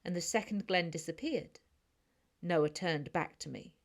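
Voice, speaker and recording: A woman's voice: fairly low pitch, unhurried. Snarky British woman narrating an audiobook. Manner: snarky, chatty, conversational. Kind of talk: first-person audiobook narration.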